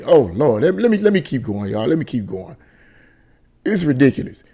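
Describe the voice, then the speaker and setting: A man's voice: mid-range voice, sing-song, normal speed, mellow, breathy edge. A man reading a news article aloud and breaking off into indignant commentary. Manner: indignant, exclaims and laughs in disbelief. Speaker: commentary channel host.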